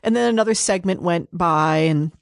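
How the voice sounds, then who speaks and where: Female host, lower register, dry close recording; chatty self-mocking storyteller who rambles. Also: normal speed, dry recording. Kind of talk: casual storytelling monologue.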